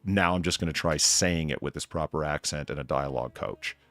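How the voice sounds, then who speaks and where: Deep-voiced man chatting loosely. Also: fairly quick, a bit bright, dry recording. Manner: rambling, profane, enthusiastic. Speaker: podcast host. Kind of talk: casual chat.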